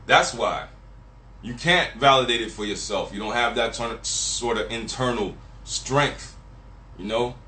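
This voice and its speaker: A man's voice: medium pitch, measured pace, bright, forceful tone, slight background noise. A man ranting to camera in a profane, emphatic, repetitive and preachy way. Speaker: vlogger. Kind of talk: profane casual rant. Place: Miami. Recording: echoey room.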